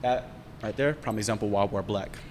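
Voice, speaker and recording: A young man in casual chat, candidly telling a story, profane and animated as he talks. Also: brisk, over music. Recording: roomy reverb with faint rumble.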